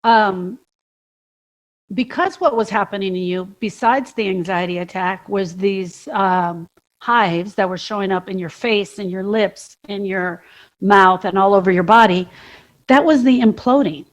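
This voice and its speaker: A woman's voice: medium pitch, a little slow. Emphatic woman with a mid-range voice. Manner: emphatic, builds points through repetition and questions. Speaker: podcast co-host. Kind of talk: reflective conversation about grief.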